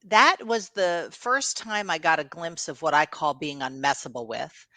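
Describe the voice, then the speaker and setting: Middle-aged new york woman chatting, lots of "you know", bright voice, dry mic. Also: deep voice, moderate pace, dry recording. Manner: storytelling, laughs often, fillers like "you know". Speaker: guest, coach. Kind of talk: casual interview chat.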